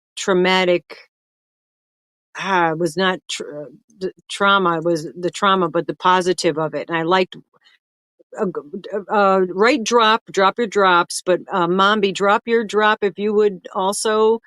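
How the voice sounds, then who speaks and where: An older woman with a drawl hosts a casual livestream, chatting and rambling as she greets viewers by name. Her voice sits at a middling pitch and is recorded close and dry, with almost no room sound. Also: a little slow, a bit bright, no room sound. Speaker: livestream host.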